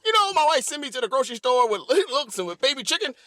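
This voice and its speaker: Very high-voiced animated comedy host. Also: male voice, fast, dry recording. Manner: animated, repetitive, laughs often. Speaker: podcast host. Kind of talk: improvised comedy monologue.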